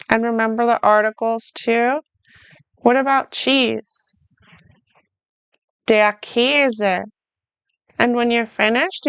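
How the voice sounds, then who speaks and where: A woman teaching a beginner language lesson, modeling short phrases slowly and then explaining them in plain words. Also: on the high side, clear, resonant tone, no echo. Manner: speaks slowly and carefully, models German phrases then translates. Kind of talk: slow, clear beginner lesson.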